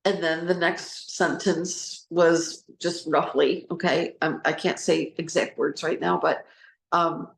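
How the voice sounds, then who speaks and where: A woman's voice: fairly low pitch, slow pace, gravelly. A woman trauma recovery coach giving an informal talk, telling stories and acting out what others said. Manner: storytelling, acting out quoted voices. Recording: echoey room.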